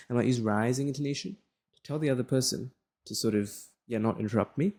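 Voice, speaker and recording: A young man, explaining a lesson in a relaxed, casual way and often checking in with "right?". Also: mid-range voice, fast. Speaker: tutor.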